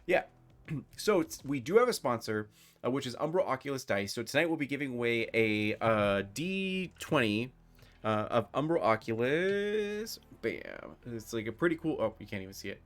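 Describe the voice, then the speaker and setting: A man's voice: mid-range voice, normal speed, faint music behind. A man hosting and narrating a live-streamed tabletop role-playing game as game master, talking loosely with many fillers. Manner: relaxed, filler-heavy talk.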